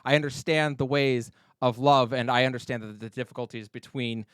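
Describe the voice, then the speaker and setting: A man's voice: mid-range voice, steady tone, a little fast, fairly bright tone, clean tone, no room sound, studio quality, close to an everyday voice. A man voicing a nervous, overly formal young male clan noble who stammers through apologies. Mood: flustered.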